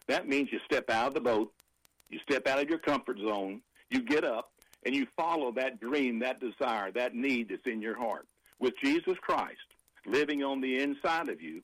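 A man's voice: medium pitch, no room sound, low-quality recording. A man preaching informally on a broadcast, rambling and emphatic, with restarts and quoted scripture.

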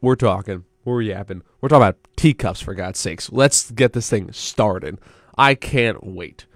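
A man's voice: fairly low pitch, a little slow, no room sound, studio quality. A young man hosting a college radio show, rambling and correcting himself as he thinks aloud in a casual solo chat.

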